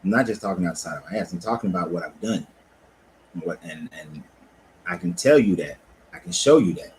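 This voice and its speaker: A low-pitched man chats loosely and profanely from his cigar lounge, laid-back but animated. A faint hum of background noise sits under his voice. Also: brisk, poor audio. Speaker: life coach and cigar lounge owner. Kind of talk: casual livestream talk.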